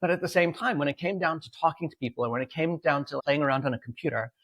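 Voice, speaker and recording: A man's voice: on the high side, fast, no echo. A man co-hosting a podcast as a coach, telling stories and acting out the people in them. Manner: animated storyteller, acts out dialogue with a lifted voice. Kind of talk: casual podcast conversation.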